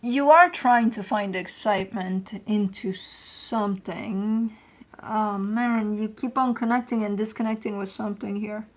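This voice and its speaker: A woman's voice: mid-range voice, steady tone, unhurried. A woman hosting a casual spoken tarot reading. She talks in a loose, chatty way with slang and the odd curse, and repeats herself when she coaches and reassures. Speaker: tarot reader hosting her channel.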